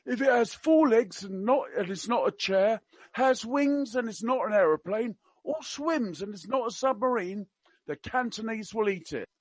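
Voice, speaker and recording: A man putting on a blunt, tactless elderly gentleman with an attempted Cockney accent, his pitch pushed up for the quips. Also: expressive, normal speed, breathy edge, no room sound, highs cut off. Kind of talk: comic impression in a podcast reading.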